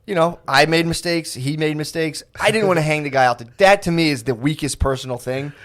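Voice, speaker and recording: A man's voice: fairly high pitch, brisk, fairly bright tone. Rambling, earnest man on a podcast. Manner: rambling, self-deprecating, trails off; sensitive, earnest. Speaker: podcast co-host. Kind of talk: casual podcast banter.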